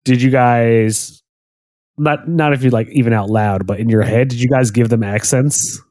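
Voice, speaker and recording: Animated laughing man on a podcast. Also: medium pitch, moderate pace, no room sound, clean studio sound. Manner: animated storyteller, laughs often. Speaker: podcast co-host. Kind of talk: casual chat. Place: Los Angeles.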